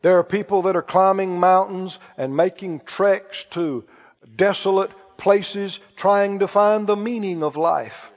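A pastor with a high voice preaches a sermon at a measured pace, calling out to the congregation for responses. The recording sounds muffled, as if made in a church hall.

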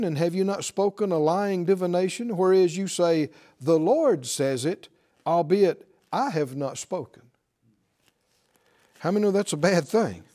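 A man preaching a sermon, slow and emphatic, hitting certain words loudly and chuckling now and then. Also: high-pitched. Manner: slow, emphatic preaching with sudden loud stresses.

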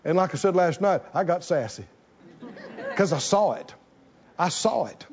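A man preaching a sermon to a congregation, animated and repeating phrases for emphasis. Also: sits high, normal speed, muffled recording. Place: church in front of a congregation.

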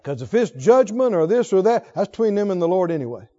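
Fervent high-voiced male preacher, lo-fi. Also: sing-song, fast talker, dark tone. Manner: fervent, exhorting, calls for audience response. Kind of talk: sermon. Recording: dull lo-fi recording.

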